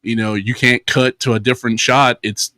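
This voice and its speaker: A man with a Louisiana accent co-hosts a casual talk stream, speaking at an average pitch. He explains things conversationally and fills his thoughts with "you know." The sound is dry and close, with no room echo. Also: little pitch movement, normal speed, sharp tone. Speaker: co-host. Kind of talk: casual chat.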